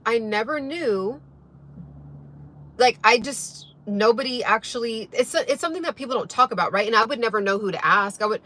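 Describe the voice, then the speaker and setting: A fairly high, somewhat bright voice belongs to a young vlogger chatting casually to her viewers over breakfast. She rambles and eats as she talks, with slight background noise in the recording.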